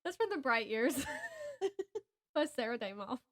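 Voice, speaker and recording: A woman with a Southern American accent chats about books on a casual podcast. Her voice sits somewhat high. She rambles, breaks off mid-sentence and laughs a lot as she talks. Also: sing-song, a little slow, fairly bright tone. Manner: rambling, self-interrupting, laughs often. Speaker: podcast co-host.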